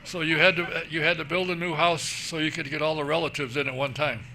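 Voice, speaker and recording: A man's voice: a little high, little pitch movement, fast, sharp tone, slight background noise, poor audio. A man hosting a radio interview, prompting his guest with short questions. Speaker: radio show host.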